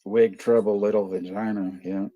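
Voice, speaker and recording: A man's voice: fairly low pitch, little pitch movement, moderate pace, narrow, tinny audio. A man hosting a movie watch party stream, chatting casually, rambling, swearing a lot and laughing often. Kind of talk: casual livestream chat.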